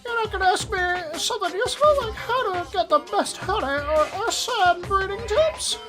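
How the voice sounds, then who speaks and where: A man voicing a sneering male cartoon bear mascot, reading video game dialogue in a shrill, mocking, exasperated voice. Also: moderate pace, music in the background, rough recording. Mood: incredulous.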